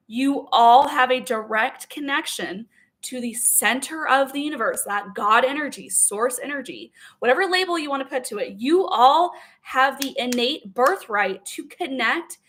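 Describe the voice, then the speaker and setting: A woman with a high, fairly bright voice delivers an emotional personal monologue as a spiritual self-help creator. She's blunt, emphatic and heavily profane, talking in loose run-on sentences packed with "like" and "okay?".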